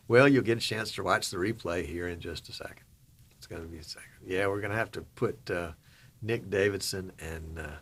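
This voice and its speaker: A man's voice: sits low, normal speed, a bit bright. A middle-aged man from Virginia hosting a livestream, chatting casually and reading viewer comments in a folksy way. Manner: folksy, chatty, reads comments aloud and laughs. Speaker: livestream host.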